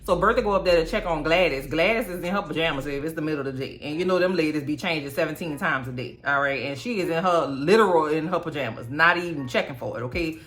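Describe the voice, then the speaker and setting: A young woman recaps a TV show in a sassy, slang-heavy way, her voice forceful and fairly low for a woman. Faint music plays behind her. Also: fast talker, hardly any pauses. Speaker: TV recap vlogger. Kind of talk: casual TV recap commentary.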